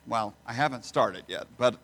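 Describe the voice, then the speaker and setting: A man preaching a sermon as a pastor, asking rhetorical questions and swinging from soft asides to loud, emphatic bursts. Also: medium pitch, moderate pace.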